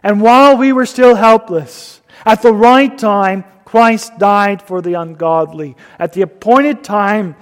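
High-voiced preacher in a reverberant hall. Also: male voice, slow, few pauses. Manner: swings from loud emphasis to soft whispers. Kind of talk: sermon.

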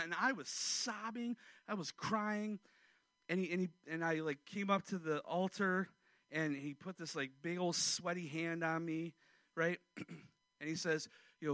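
Bright-voiced man preaching a story. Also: on the high side, a little slow, dry recording. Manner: storytelling, animated, swings from loud to hushed. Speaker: pastor. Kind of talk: sermon with personal story.

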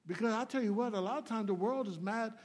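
This visiting preacher has a notably high voice and talks fast in a folksy, plainspoken way. His sermon lunges into loud, emphatic lines, then pulls back into soft, low asides.

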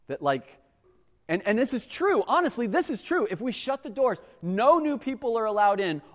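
Man, pastor, casual sermon, conversational, lively swooping pitch. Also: big-room sound. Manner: animated, conversational, acts out exasperated voices.

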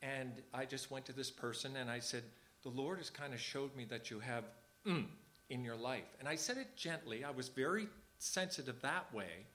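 A man's voice: mid-range voice, animated, normal speed, pushed and bright. A man leading a small church service, talking informally and earnestly and repeating phrases for emphasis. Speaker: church leader.

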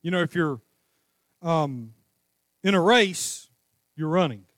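High-voiced impassioned preacher. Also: male voice, slow, no room sound, clean studio sound. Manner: impassioned preaching, rising to cries then dropping to a calm teaching tone. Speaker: pastor. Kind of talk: sermon.

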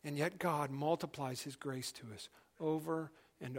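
Man, middle-aged pastor, sermon, earnest, conversational, high voice. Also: fairly even intonation, measured pace. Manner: earnest, conversational, drops to quiet emphasis.

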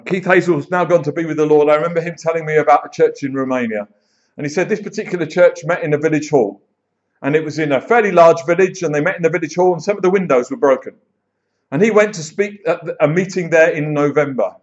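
A man preaching a sermon in church, telling stories with lively acted-out quotes. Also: on the high side. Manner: animated storyteller, acts out quoted voices. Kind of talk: sermon with storytelling. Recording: dull lo-fi sound.

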